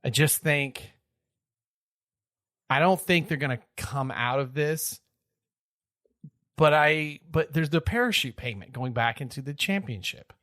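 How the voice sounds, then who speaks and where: A man's voice: a little high, unhurried, long pauses, no room sound. Brief: male podcast co-host, joking banter, dry close recording. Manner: laughs easily, animated banter. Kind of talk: casual sports chat.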